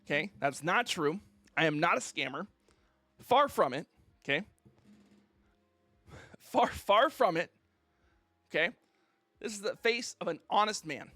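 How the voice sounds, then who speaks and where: A man's voice: high voice, expressive, unhurried, long pauses, bright, forceful tone, no room sound. A man streamer ranting on a casual livestream, mock-indignant and theatrical, who keeps asking "okay?".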